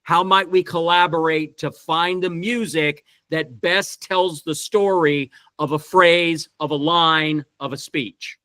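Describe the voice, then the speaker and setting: A man's voice: a little high, fairly even intonation, slow pace, few pauses, bright, forceful tone, clean tone, dry recording. A man directing actors in a verse workshop over a video call, thinking aloud with many restarts. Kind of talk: teaching talk on Shakespeare verse.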